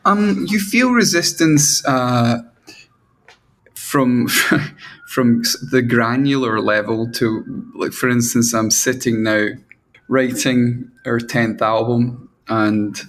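A man's voice: mid-range voice, a bit bright. Self-mocking middle-aged male songwriter. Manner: self-mocking, halting with many restarts, mimics his own inner voices. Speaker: band frontman and songwriter. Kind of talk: candid casual interview talk.

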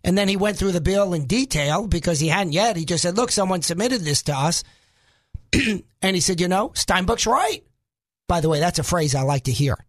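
A man's voice: high voice, animated, moderate pace. A man from New York filling in as a talk radio host in a studio, joking and self-mocking, with rambling asides.

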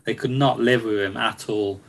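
A man's voice: mid-range voice, steady tone, normal speed, gravelly, poor audio. A man chatting casually about football on a podcast, with many ums and restarts and frequent laughs. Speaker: football reporter.

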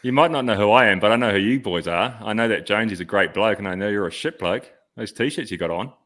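Brash, low-voiced podcast host. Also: male voice, quick pace, fairly bright tone. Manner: brash, sweary banter. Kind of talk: casual podcast chat.

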